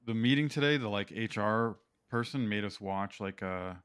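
A man's voice: fairly low pitch, normal speed, fairly bright tone, smooth. A man co-hosting a casual podcast, rambling and filling his talk with "like". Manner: rambling, heavy use of "like". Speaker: podcast co-host. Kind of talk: casual chat.

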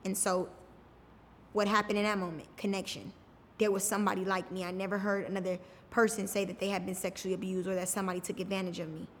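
A woman's voice: medium pitch, level tone, fast, slight background noise. A woman telling her own story on a podcast, casual and candid, often saying "like". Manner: casual, frequent "like" fillers. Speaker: podcast guest. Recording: reverberant room with faint music.

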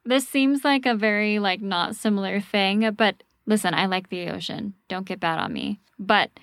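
A woman host casually telling a ghost story on a podcast, animated and swearing freely. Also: mid-range voice, moderate pace, gravelly, no room sound, studio quality.

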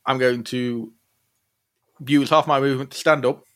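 A man's voice: medium pitch, fairly even intonation, moderate pace, a bit bright. Enthusiastic man playing a tabletop game. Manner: enthusiastic, jokey. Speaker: player. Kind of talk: casual tabletop play.

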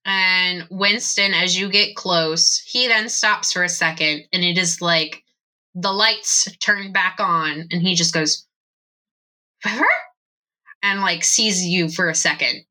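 Bright-voiced woman running a tabletop game. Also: lowish voice, rough recording. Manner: animated, slips into quick character voices. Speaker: game master.

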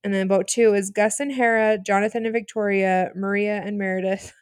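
A woman's voice: mid-range voice, fairly even intonation, a little mellow, clear, resonant tone, no echo. Laughing woman podcast co-host, dry mic. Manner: laughing, agreeable, quick quips. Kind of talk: casual recap chat.

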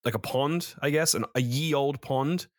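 A podcast co-host reviews films in a rambling, casual chat, correcting himself and swearing freely. His voice is medium in pitch and moderate in pace, captured with clean studio sound and no room sound.

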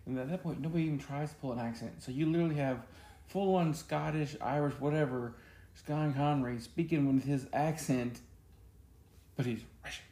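Brisk and mellow, this man's voice sits fairly high. He co-hosts a laid-back podcast chat, teasing and cracking jokes with a Southern "y'all," recorded in an echoey room with a bit of faint noise.

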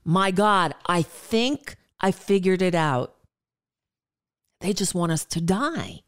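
A woman's voice: on the low side, lively intonation, slow pace. A woman in her sixties hosting a talk radio show, chatting in an exasperated, rambling way with frequent restarts and asides. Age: 60s. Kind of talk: casual monologue.

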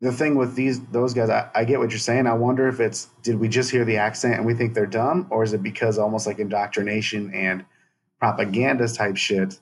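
Man, podcast co-host, husky, lowish voice, blunt, crude, casual chat. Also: level tone, brisk. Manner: crude, blunt, laughs often.

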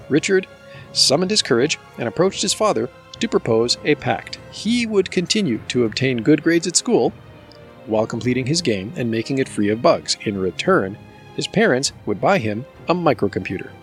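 Man narrating in a steady, measured voice. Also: medium pitch. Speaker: podcast host and book reader. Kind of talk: scripted narration reading a book aloud.

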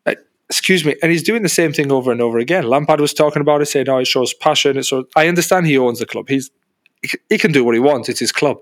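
A man's voice: fairly high pitch, fast, dry recording. Guy on a football podcast, bit nasal, keeps saying bro, dead dry mic. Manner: animated, says "bro" often. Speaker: podcast co-host. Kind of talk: casual sports chat.

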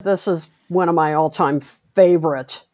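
A woman's voice: deep voice, steady tone, darkish tone. A woman co-hosting a music podcast, enthusiastically discussing a favorite song. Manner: enthusiastic, measured. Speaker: podcast co-host. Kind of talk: casual music chat.

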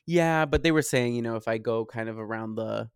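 This is a man co-hosting a podcast, chatting in a rambling, gossipy way and circling through fillers as he talks. His voice sits at an ordinary middle pitch. It is recorded dry and close, with no room sound. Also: fairly quick, clear, resonant tone, dry recording. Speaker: podcast co-host. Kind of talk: casual chat.

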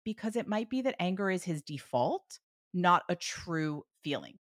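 A woman coaching a parent with advice, acting out example phrases with lively emphasis. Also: on the low side, moderate pace, no echo, clean studio sound. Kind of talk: advice session.

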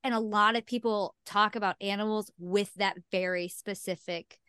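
A woman's voice: mid-range voice, steady tone, moderate pace, sharp tone, clean tone, no room sound, studio quality. A young woman, a singer-songwriter guest on a podcast, talking frankly in casual chat, swearing freely and laughing at herself.

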